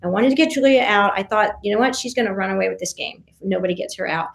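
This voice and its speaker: A woman guest on a podcast, telling a story in an animated way, with many restarts and acted-out quotes. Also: medium pitch, vocal fry, reverberant. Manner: talks fast with many restarts and fillers, acts out quotes. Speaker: podcast guest, reality show contestant.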